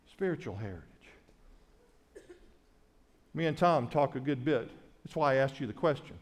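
A middle-aged man pastor preaching an emphatic sermon, repeating key phrases and restarting sentences. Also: fairly high pitch.

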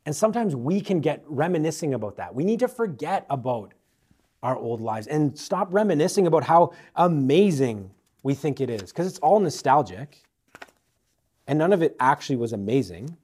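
A man preaching a sermon in a fairly high voice. He presses hard on key lines, then drops to a near-hush for his personal appeals. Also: sing-song, moderate pace, slightly rough. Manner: dynamic delivery, swinging from loud emphasis to hushed appeals.

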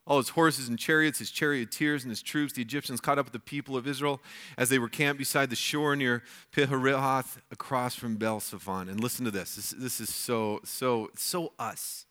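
A man pastor giving a weekend sermon, reading scripture aloud and explaining it in a conversational way with lively asides. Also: medium pitch, moderate pace. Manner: conversational, with frequent restarts and acted asides.

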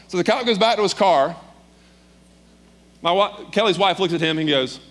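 An animated storytelling preacher man. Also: fairly high pitch, a little fast. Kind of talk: sermon storytelling.

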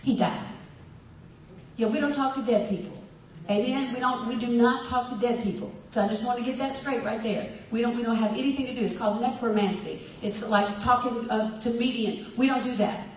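A woman pastor preaching a sermon, telling the story with animated acted-out voices and frequent laughter. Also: fairly high pitch, a little fast, slight background noise. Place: church hall with a congregation. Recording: echoey hall, voice from far off.

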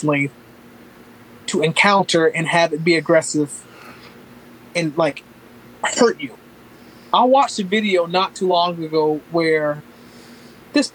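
A man's voice: high-pitched, rough recording. A man from Northeast Florida in casual chat, emphatic and full of fillers.

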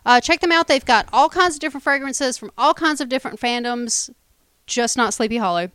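A woman's voice: high-pitched, brisk, fairly bright tone, clean tone, dry recording. A woman co-hosting a casual podcast, offering wry, nitpicky commentary on a TV show. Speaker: podcast co-host. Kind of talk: casual fan podcast chat.

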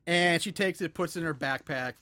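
A man's voice: on the high side, brisk, sharp tone, no room sound. A man casually recapping a movie plot on a podcast, rambling with lots of fillers. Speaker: podcast co-host.

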